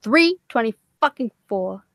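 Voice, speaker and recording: A woman's voice: fairly high pitch, animated, measured pace, a bit bright, dry recording, clean studio sound. Tired, profane woman hosting a late-night stream. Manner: profane, laughing, rambling. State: tired and loopy. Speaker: livestream host. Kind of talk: late-night casual livestream chat.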